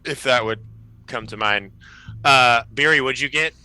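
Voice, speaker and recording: A man narrating a tabletop game as game master, with relaxed, lively storytelling. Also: medium pitch, measured pace, clean tone, poor audio.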